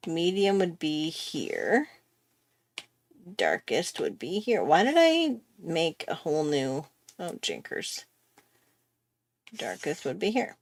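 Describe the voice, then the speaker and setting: A woman's voice: low-pitched, sing-song, slow, long pauses. A woman chatting casually while she draws on a livestream, self-mocking and laughing often. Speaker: artist hosting a drawing livestream. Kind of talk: casual chat while drawing.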